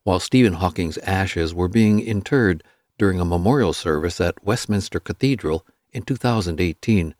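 Guy reading a nonfiction book, steady and measured, kinda low voice, super dry recording. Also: dry recording. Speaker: audiobook narrator. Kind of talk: scripted nonfiction narration.

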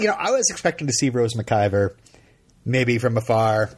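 A middle-aged man from Vermont, co-hosting a podcast and telling a story in casual chat, animated and laughing often. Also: mid-range voice, normal speed. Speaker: podcast co-host.

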